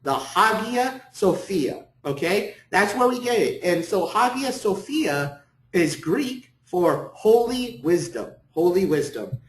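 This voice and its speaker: A man's voice: high-pitched, sing-song, slow pace. A man teaching a classroom lecture, encouraging students and repeating words for them. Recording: echoey classroom.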